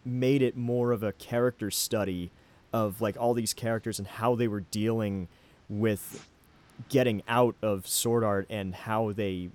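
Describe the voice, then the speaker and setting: A man's voice: fairly low pitch, fairly even intonation, unhurried, darkish tone. A man hosting a podcast, talking through his opinions casually with plenty of ums and restarts. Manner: rambling, many ums and restarts. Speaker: podcast host. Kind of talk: casual anime discussion.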